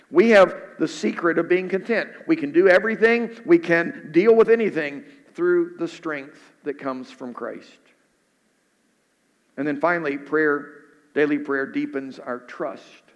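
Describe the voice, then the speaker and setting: A male pastor giving a sermon in an earnest preaching style, then praying softly and low. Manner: earnest preaching, drops soft and low in prayer. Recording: hall reverb.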